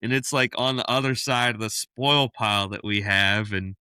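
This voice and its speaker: A man's voice: on the low side, moderate pace, pushed and bright, smooth, no echo. A man co-hosting a podcast, telling a story in casual chat and laughing often mid-sentence. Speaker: podcast co-host.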